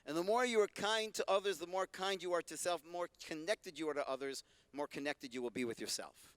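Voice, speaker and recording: A man's voice: on the high side, brisk, smooth, dry recording. Male rabbi, lecture with Q&A, dry close sound, resonant voice. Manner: warm, joking, conversational teaching. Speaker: rabbi and speaker. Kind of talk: lecture with audience questions. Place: convention hall stage.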